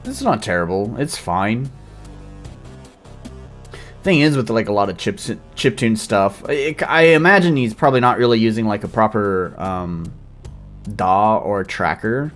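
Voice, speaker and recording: A man's voice: fairly low pitch, animated, a little slow, a bit bright. A man streaming a game and commenting casually in an offhand, rambling way. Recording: faint game music behind.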